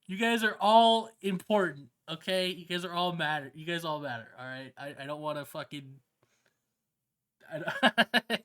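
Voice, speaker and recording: A streamer chatting casually with viewers on a live stream, slangy and excitable, swearing often and laughing a lot. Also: medium pitch, normal speed. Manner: slangy, swears a lot, keeps saying "bro". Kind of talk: casual livestream chat with viewers.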